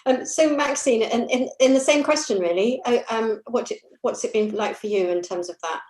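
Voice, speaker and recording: A British woman chairing a panel, asking long, halting, searching questions. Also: fairly high pitch, darkish tone. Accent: British English. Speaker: session chair. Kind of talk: panel moderation. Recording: roomy echo.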